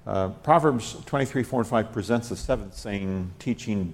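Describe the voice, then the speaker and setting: Deep-voiced man teaching a Bible study. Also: vocal fry. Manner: scholarly, unhurried, explains Hebrew grammar.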